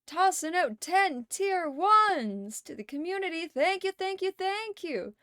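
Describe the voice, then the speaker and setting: A livestream host chats casually, reads viewer messages aloud and laughs often between lines. Her voice is extremely high, bright and forceful, very animated yet measured in pace. The clean studio sound has no room ambience.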